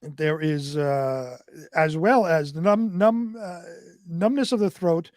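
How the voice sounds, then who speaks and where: A man's voice: a little high, slow, darkish tone, no echo, clean studio sound. A man co-hosting talk radio, reading weird news stories aloud and stumbling over hard science words.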